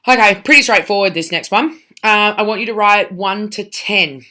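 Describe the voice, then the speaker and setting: A woman's voice: medium pitch, bright, forceful tone. Patient woman sounding out phonics. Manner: patient, sounds out letters slowly, keeps checking with "okay?". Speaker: primary school teacher. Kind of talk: recorded phonics lesson for children.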